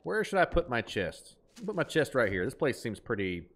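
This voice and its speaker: A man's voice: medium pitch, sing-song, moderate pace, fairly bright tone, slight background noise. A man with an Appalachian twang, chatting casually while streaming a game, reading chat aloud and laughing easily.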